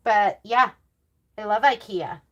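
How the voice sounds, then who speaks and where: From her sewing room at home, a woman runs a casual sewing livestream, rambling along with laughing asides. She speaks slowly in a mid-range voice, and the sound is lo-fi.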